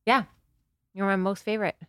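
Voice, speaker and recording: A woman's voice: mid-range voice, fairly even intonation, no echo, studio quality. A woman hosting a podcast, chatting casually and playfully with her husband and laughing easily. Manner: playful, bubbly and quick to laugh. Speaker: podcast host.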